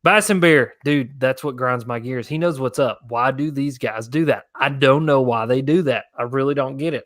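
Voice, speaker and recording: A young man chats loosely through viewer questions on a fishing livestream. His voice sits at a middle pitch and is recorded close and dry, with no room sound. He rambles easily and stays casual. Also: dry recording. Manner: laid-back, rambling, answering viewer questions. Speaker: fishing channel host.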